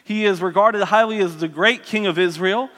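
A man preaching a sermon as a lively story, acting out the characters' voices and adding joking asides. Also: high voice, moderate pace, big-room sound. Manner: animated, voices the characters, self-mocking asides.

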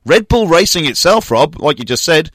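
A man reads offbeat sports stories on a radio show, breaking into jokey asides. His voice sits a little high and rings bright. The studio sound is close and dry. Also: big pitch swings, normal speed, dry recording. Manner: reads news items, jokey asides, laughs often. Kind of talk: casual sports radio chat.

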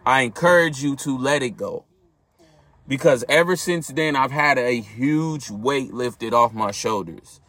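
A man speaks to his podcast listeners in an earnest, reflective monologue, talking to them directly as he tells a personal story. His voice is bright and forceful. The recording is dry, with no room sound around him. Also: medium pitch, unhurried, no echo. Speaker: podcast host.

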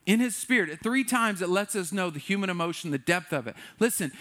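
A man's voice: high-pitched, animated, brisk, pushed and bright. Casual, conversational male preacher. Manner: conversational, playful, acts out quotes. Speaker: pastor. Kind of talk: sermon.

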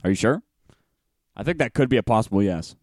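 A man's voice: on the low side, animated, brisk, darkish tone, dry recording, studio quality. A man co-hosting a podcast in casual, crude, joking banter. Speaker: podcast co-host. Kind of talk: casual chat.

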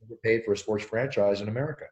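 A middle-aged man tells his stories at a fast clip, with energy. His voice sits a bit low, and he acts out quotes and sound effects as he talks. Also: a little mellow, lo-fi sound. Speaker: interview guest, ring announcer. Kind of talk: animated storytelling.

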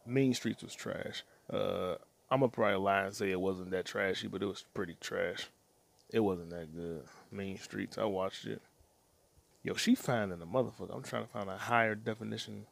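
A man's voice: on the low side, creaky. A man hosting a solo podcast, rambling crudely and profanely from one topic to the next while muttering to himself. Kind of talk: rambling casual monologue.

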